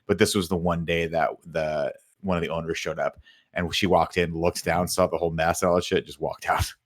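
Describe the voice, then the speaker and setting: A podcast co-host chimes in with behind-the-scenes trivia, talking in a relaxed, offhand way with the odd swear word. His voice is very low and he keeps up a brisk pace. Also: no echo, studio quality. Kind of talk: casual movie review chat.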